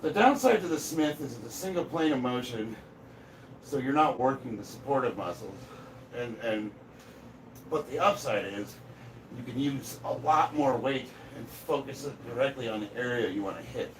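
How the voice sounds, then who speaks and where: A man's voice: medium pitch, animated, normal speed. Middle-aged man, mid-range voice, rambling livestream chatter, faint background noise. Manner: rambling, thinks aloud, blunt with casual swearing. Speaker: strength athlete livestreaming his workout. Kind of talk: casual livestream chat. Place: home gym. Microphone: camera set up across the room.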